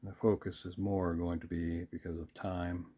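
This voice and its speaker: A man hosting his sketchbook channel, casually narrating while he draws, relaxed with self-deprecating asides. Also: low voice, moderate pace.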